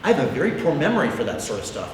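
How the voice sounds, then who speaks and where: A man's voice: mid-range voice, wildly swooping pitch, rapid-fire, recorded from a distance, a little hiss or hum. A man teaching a prayer class in a candid, self-deprecating way, often repeating words as he thinks. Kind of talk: informal teaching talk. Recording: echoey hall, long reverb.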